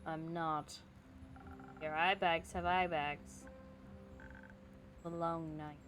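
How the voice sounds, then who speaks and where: A woman voicing a weary, experienced male elf ranger who speaks quietly and tiredly. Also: steady tone, extremely slow, a little hiss or hum, heavily acted. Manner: tired, low-key.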